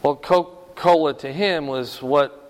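A man's voice: fairly high pitch, a little slow, a little hiss or hum. An older man preaching a sermon in a folksy, conversational way, telling stories and asking his congregation questions. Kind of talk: sermon with storytelling. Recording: long hall reverb.

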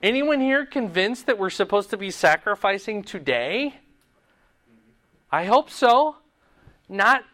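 A man teaching a Bible class, asking the group questions and closing in prayer. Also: high-pitched. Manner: asks the class questions, animated emphasis then quiet prayer.

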